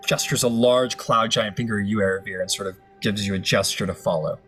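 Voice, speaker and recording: A man's voice: on the low side, steady tone, a little fast, hardly any pauses, a bit bright, faint music behind. A man narrating as game master for a tabletop game, loose and rambling with many fillers.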